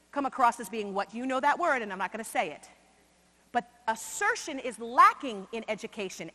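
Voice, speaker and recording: A high-voiced woman from New York delivers a motivational keynote to a conference crowd. She swings from loud, punchy emphasis to slow, hushed asides. Her voice rings with a long reverb in a large hall. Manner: expressive, shifts between loud emphasis and quiet slow asides. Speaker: conference speaker.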